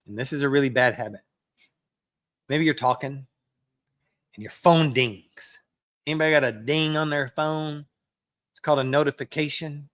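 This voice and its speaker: Pastor preaching in a dry room. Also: male voice, on the high side, moderate pace, pauses often, fairly bright tone, dry recording. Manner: conversational, acts out quoted phone excuses. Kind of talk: sermon.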